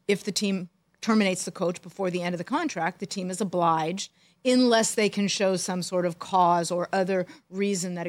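A woman co-hosting a podcast, a former team executive telling animated stories with dry jokes. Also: on the low side, no echo. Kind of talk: casual storytelling chat.

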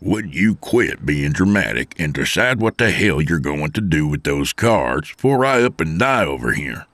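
A man's voice: very deep voice, very animated, normal speed, fairly bright tone, no echo, full character voice. A man voicing a grumpy old trucker with a gray mustache, who growls and grumbles crude jokes. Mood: impatient.

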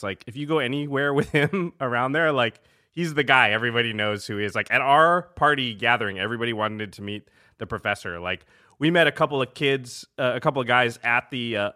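A man hosting a podcast, telling a story in casual chat, animated and laughing often. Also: mid-range voice, fairly quick. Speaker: podcast host.

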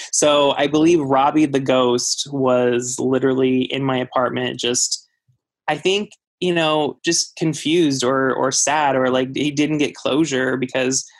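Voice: medium pitch, fairly even intonation, a little slow, dry recording. A speaker telling a personal ghost story in casual chat, rambling with many fillers and restarts. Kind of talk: casual spoken anecdote.

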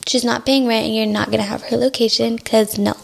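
A woman's voice: fairly high pitch, steady tone, fast, vocal fry. A young woman telling a personal story as a podcast guest, with frequent likes and Spanish words mixed in. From Mexican-American family. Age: young adult. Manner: talks with many likes, mixes in Spanish words.

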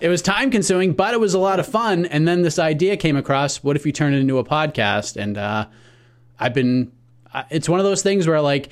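Guy cohosting a podcast, kinda higher voice, upbeat casual chat. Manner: upbeat, wraps up the show. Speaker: podcast co-host.

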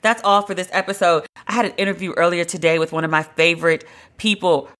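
A woman's voice: fairly low pitch, fairly even intonation, fast talker, a bit bright. A woman hosting a solo podcast, talking in a blunt, emphatic, conversational way and drawing out the words she stresses. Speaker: podcast host.

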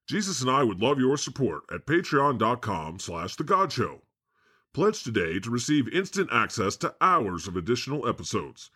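A man playing God as a jokey podcast host, sarcastic and animated in comedy banter. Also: mid-range voice, husky. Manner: sarcastic, animated, laughs often.

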